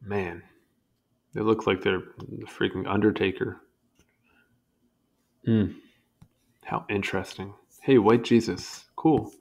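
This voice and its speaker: A man's voice: fairly low pitch, steady tone, slow pace, creaky, long pauses. A young man casually reading an encyclopedia article aloud, stumbling over hard words and adding wry asides. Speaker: reader.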